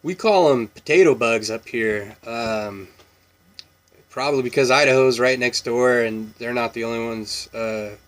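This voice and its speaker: A man with a mid-range voice speaks at a measured pace, rambling casually through an accent tag. He's in his thirties, from Washington State with its accent, and he ums and chuckles a lot.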